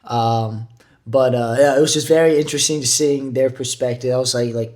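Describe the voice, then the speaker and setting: A man's voice: medium pitch, fairly even intonation, a little fast, darkish tone. A man co-hosting a podcast, telling rambling, profane, joking stories in casual chat. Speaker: podcast co-host.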